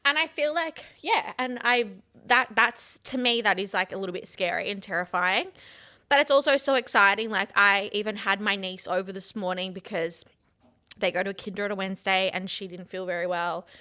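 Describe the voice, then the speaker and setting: A woman's voice: medium pitch, a little fast, sharp tone. A woman in her thirties, co-hosting a podcast in casual, rambling chat full of "like" and restarts. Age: 30s. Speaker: podcast co-host.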